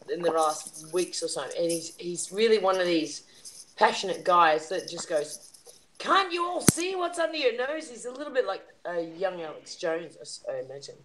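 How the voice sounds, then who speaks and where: A woman's voice: low voice, moderate pace, crowd noise, rough recording. A woman hosting a casual panel chat, talking in an emotional, indignant rant. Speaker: livestream panel host.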